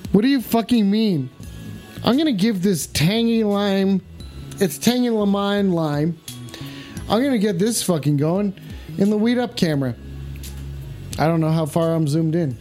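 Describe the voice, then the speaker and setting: A loud, foul-mouthed man hosting a livestream, his voice pitched high as he shouts catchphrases at the camera. Faint music plays behind him. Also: expressive, unhurried, pauses often. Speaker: livestream host. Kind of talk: rowdy livestream banter. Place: at home in front of cameras.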